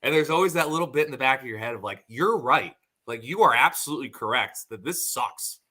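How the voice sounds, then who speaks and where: A man's voice: mid-range voice, quick pace. A man in his thirties hosting a casual podcast, telling stories and acting out the voices of the people in them. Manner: animated storyteller acting out quotes. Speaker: podcast host.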